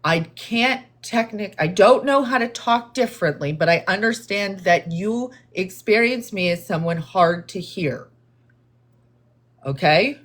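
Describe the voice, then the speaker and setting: A woman talking slowly and deliberately to her livestream viewers, in a calm, measured tone that she says viewers hear as condescending. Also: medium pitch. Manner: deliberate, therapist-like, calm and explanatory. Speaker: livestream host responding to chat. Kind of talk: slow, measured live-stream talk to viewers.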